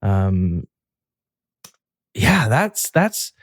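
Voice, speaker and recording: A man's voice: fairly low pitch, big pitch swings, extremely slow, no room sound, clean studio sound. A man co-hosting a podcast in casual chat, rambling and restarting his sentences as he tells stories. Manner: rambling, chatty, frequent restarts and fillers. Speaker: podcast co-host.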